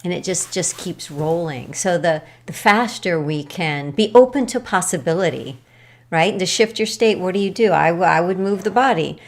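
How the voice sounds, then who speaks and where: A woman co-hosting a podcast, talking casually and thoughtfully, pausing to search for words. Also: on the low side. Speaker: podcast co-host. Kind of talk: casual chat.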